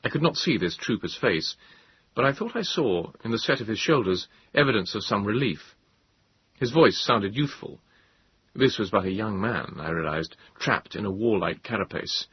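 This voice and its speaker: Low husky guy reading a story, measured and grave, lively ups and downs, dry dull recording. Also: dry recording. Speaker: audiobook narrator. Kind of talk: scripted narration.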